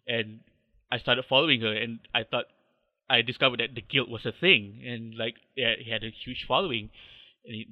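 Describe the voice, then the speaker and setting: A man's voice: medium pitch, no room sound, highs cut off. A man with a Malaysian English accent, a podcast guest chatting casually and rambling with many restarts. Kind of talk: casual interview chat.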